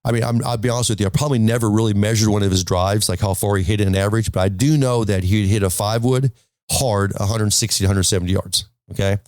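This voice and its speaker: A man's voice: lowish voice, fairly even intonation, fast, a little mellow, no echo. A man giving a casual golf lesson to camera, emphatic and telling stories, checking in with "okay?" all the time. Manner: storytelling, full of restarts. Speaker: golf instructor. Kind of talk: casual instructional talk to camera.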